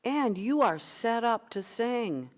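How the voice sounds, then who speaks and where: A woman's voice: fairly high pitch, very animated, takes it slowly. A middle-aged woman leading an online vocal workshop as a coach, guiding breathing exercises in an encouraging manner. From United States.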